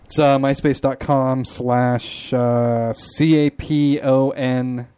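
A man's voice: mid-range voice, flat delivery, slow, dark tone, clean tone, no room sound. A man co-hosting an internet radio show, chatting casually with a dry, playful sense of humor. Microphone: studio microphone.

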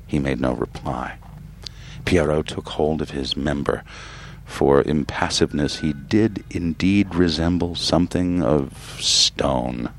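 A man reading a literary story aloud in a measured, grave way with drawn-out pauses. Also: rumbling low, a little hiss or hum. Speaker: narrator.

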